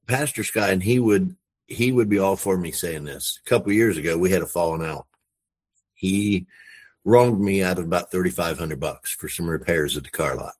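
Deep-voiced man telling an earnest story. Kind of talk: personal storytelling.

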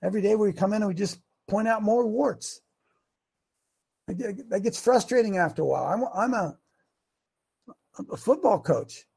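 High husky-voiced man preaching as host. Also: lively intonation, normal speed, pauses often. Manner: folksy, repetitive restarts, rising to shouts. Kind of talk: preachy talk show monologue.

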